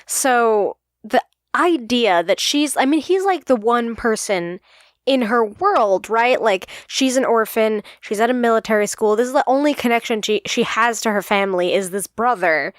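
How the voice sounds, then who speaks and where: A young woman co-hosting a podcast, chatting casually, with lots of filler words and quick bursts. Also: a little high, lively intonation, no room sound, studio quality. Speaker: podcast co-host. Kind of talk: casual chat.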